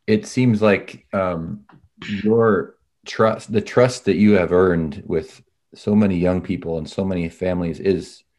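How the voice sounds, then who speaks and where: A man hosting a podcast, asking long, thoughtful questions in a measured way, with careful hedges and restarts. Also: low voice, darkish tone. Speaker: podcast host, interviewer. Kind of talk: interview questions.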